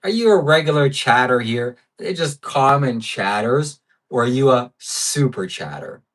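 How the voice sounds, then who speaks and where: A man's voice: medium pitch, animated, a little slow, recorded from a distance. Brash man on a livestream, off-mic. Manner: blunt, brash and profane. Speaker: livestream host reading viewer donations. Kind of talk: casual live-stream chat.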